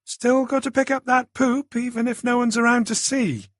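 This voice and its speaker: A man's voice: extremely high pitch, little pitch movement, moderate pace, no room sound, pitched above the performer's own voice. A man reading an audiobook voices a young woman who teases her friend with dry humour. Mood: wry. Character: friendly teasing young woman, dog walker.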